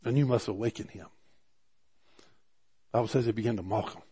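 Preaching man, animated with restarts. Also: lowish voice, normal speed, slightly rough. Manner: animated preaching with repeated restarts, rising for emphasis. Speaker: pastor. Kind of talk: sermon.

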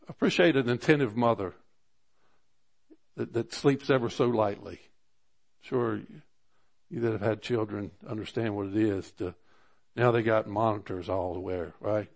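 A man preaching a sermon, animated and rising in pitch for emphasis, often restarting his phrases. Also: creaky. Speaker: pastor.

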